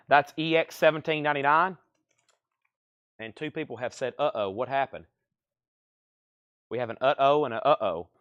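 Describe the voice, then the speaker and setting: A man running a livestream vinyl record auction with a quick, steady patter of grades, prices and bids, coughing now and then from allergies. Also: a little high, clean tone, no room sound, highs cut off. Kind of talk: fast live-sale patter.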